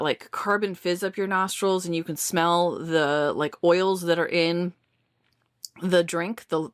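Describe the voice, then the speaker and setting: A woman's voice: fairly low pitch, no echo, studio quality. A woman chatting casually as she reviews candles, saying y'all and often restarting her words.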